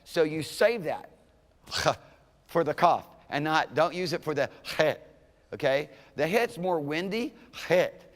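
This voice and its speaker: A man's voice: on the high side, animated, measured pace. Man teaching Hebrew in a reverberant classroom. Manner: conversational, checks in with "okay?" often. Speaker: Hebrew instructor. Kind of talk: classroom lecture. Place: lecture room.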